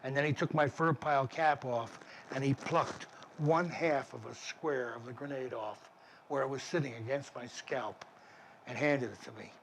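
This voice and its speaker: A man's voice: mid-range voice, moderate pace, fairly bright tone, slight background noise. An older man, an army veteran, recounting his war memories in a vivid, plainspoken way with frequent restarts. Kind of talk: war memoir storytelling.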